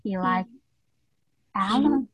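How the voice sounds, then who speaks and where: A woman teaching English to young learners over a video call, speaking slowly and patiently with lots of encouragement and careful repetition. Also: mid-range voice, muffled recording. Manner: patient, slow and encouraging, repeats words carefully. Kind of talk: online class drills.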